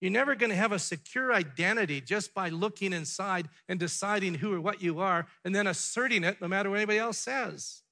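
Male pastor, slightly high and forceful, emphatic sermon delivery with rhetorical questions, hall reverb. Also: brisk, hardly any pauses. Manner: emphatic, repeated rhetorical questions, swings from loud to hushed.

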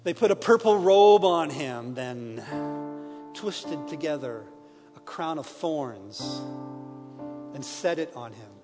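A man giving a dramatic scripture reading, his delivery swinging from hushed to loud. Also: on the high side, animated, takes it slowly, long pauses. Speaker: scripture reader. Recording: long reverb with soft piano.

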